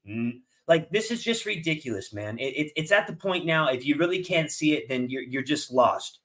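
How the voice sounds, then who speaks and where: A man's voice: sits high, sharp tone. A man recording a reaction commentary video, ranting heatedly and angrily at the clips he plays. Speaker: political commentator.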